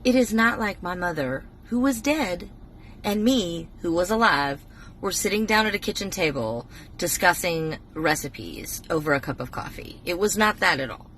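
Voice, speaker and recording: A woman's voice: lowish voice, lively intonation, normal speed, fairly bright tone, a little hiss or hum. A woman in her forties telling a long personal story to a phone camera in a blunt, swear-heavy way. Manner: profane, emphatic and blunt. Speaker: TikTok storyteller.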